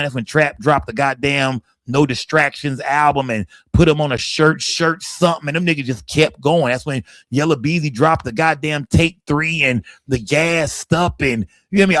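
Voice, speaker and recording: A man hosts a livestream, rambling through heated commentary with plenty of profanity and shout-outs. His voice sits a bit high for a man. The sound is dry and close, with almost no room in it. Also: no room sound. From Dallas, Texas. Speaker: livestream host. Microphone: streaming setup, close mic.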